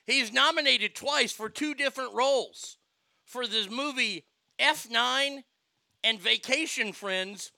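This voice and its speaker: Bright, gravelly man bantering. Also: extremely high pitch, takes it slowly, no room sound. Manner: loose, joking, profane. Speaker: podcast co-host. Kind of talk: casual movie banter.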